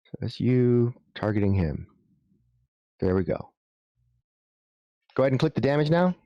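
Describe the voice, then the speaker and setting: Guy running a tabletop game, mid pitch, stops and restarts a lot, dry sound. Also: lively intonation, mellow, dry recording, dull audio. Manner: halting, restarts often while explaining rules. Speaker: game master.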